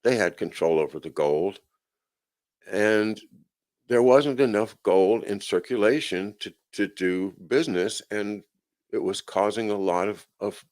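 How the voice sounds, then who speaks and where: Low-voiced sardonic male livestream host. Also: measured pace, darkish tone. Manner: sardonic, chuckling asides, frequent fillers. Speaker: host of a live chat show. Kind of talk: casual livestream commentary, reading news aloud.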